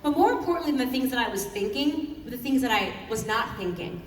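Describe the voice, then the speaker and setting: Fiery high-voiced woman in echoey hall. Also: lively intonation, quick pace. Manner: fiery, mocking, rising to emphatic peaks. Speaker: keynote speaker at a youth political summit. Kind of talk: impassioned political speech. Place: large conference hall. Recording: echoey hall, heard from a distance, audience noise.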